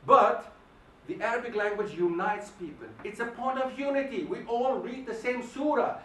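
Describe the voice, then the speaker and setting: A man giving an emphatic, animated lecture and firing questions at the audience, recorded in a hall. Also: very high voice, moderate pace, a little hiss or hum. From Germany. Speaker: guest lecturer. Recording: echoey hall, mic at a distance.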